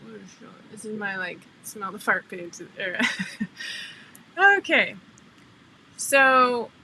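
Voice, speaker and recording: A woman's voice: on the high side, bright, forceful tone, slight background noise, rough recording. A middle-aged woman hosting a casual livestream, chatty and laughing often as she greets viewers by name over a computer mic. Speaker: livestream host.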